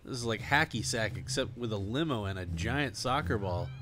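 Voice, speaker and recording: A man's voice: lowish voice, lively intonation, normal speed, over music. A man doing let's play commentary, joking and putting on mock-pompous asides. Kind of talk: gameplay commentary.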